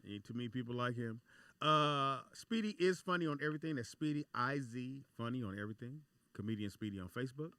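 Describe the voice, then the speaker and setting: A man about sixty hosting a casual talk radio show, giving loose shout-outs and taking calls. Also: mid-range voice, fast talker, no echo. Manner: loose, laid-back, full of shout-outs.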